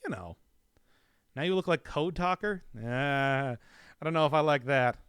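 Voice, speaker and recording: Animated, rambling male game streamer. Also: on the high side, measured pace, clean tone, dry recording, studio quality. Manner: rambling, joking, laughs often. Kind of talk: casual live-stream commentary.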